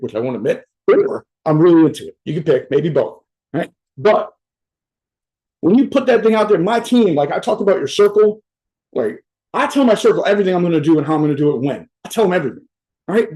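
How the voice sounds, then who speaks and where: Speaking at a virtual event over a video call, a motivational speaker rambles through a casual, profane talk full of jokes, adding "right?" after nearly every point. His voice is slightly high with a dark tone, and the recording is rough.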